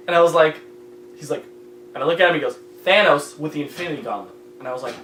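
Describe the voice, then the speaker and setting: A man's voice: on the high side, animated, fairly quick. Rambling young man in an echoey room. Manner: rambling storyteller, crude, yells in retold quotes. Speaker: podcast regular. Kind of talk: casual chat among friends. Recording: echoey room with faint hum.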